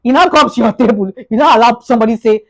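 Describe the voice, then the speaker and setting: A Nigerian woman with a Nigerian accent giving a casual motivational monologue on her vlog, repeating herself and acting out little scenes. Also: fairly high pitch. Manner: repetitive, fast, grows animated with acted-out anecdotes. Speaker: vlogger.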